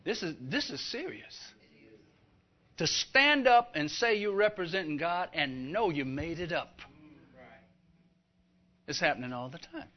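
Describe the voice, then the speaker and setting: Male preacher, high voice, emphatic sermon, dull lo-fi recording. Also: expressive, unhurried, long pauses. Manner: emphatic, builds to fervent loud passages.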